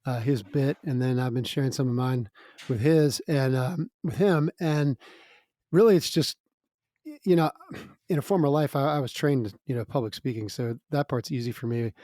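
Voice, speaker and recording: In a casual storytelling interview, a chatty man appearing as a musical guest laughs between lines and uses lots of fillers. His warm, medium-pitched voice moves at normal speed, and the recording is dry and close with no room sound.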